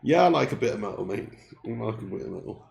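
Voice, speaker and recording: A man's voice: fairly low pitch, animated, fast, gravelly, darkish tone. A man hosting a live football watch-along, bantering and laughing with viewers between commentary. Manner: jokey banter, laughs often, chats with viewers. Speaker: host.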